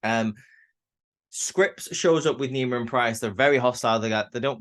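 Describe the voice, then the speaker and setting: A man's voice: medium pitch, normal speed, a bit bright. A man casually recapping a wrestling show, talking loosely with lots of fillers and restarts. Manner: chatty, many fillers and restarts.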